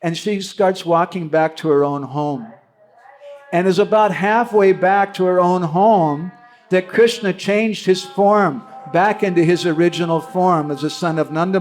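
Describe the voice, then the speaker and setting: A man giving a devotional talk, telling stories animatedly and checking in with his listeners. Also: high-pitched. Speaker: devotional storyteller.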